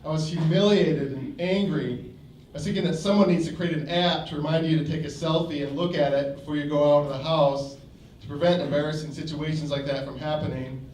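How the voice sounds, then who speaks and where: A male standup comic tells his jokes with a dry, deliberate delivery in a slightly high voice. He is recorded from a distance on a comedy club stage. The room is echoey, with a faint hum of ambience. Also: fairly even intonation, a little mellow. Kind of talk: standup routine.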